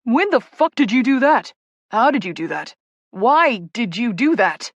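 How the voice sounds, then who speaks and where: A woman's voice: fairly low pitch, a little slow, creaky, no echo, lo-fi sound. A woman reading an audiobook, voicing a cocky, competitive young man who talks brashly. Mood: incredulous. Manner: brash, excitable.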